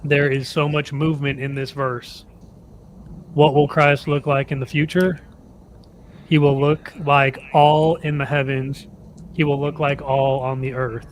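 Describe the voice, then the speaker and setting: Man, slow careful reading, flat steady pitch, devotional text, noisy background.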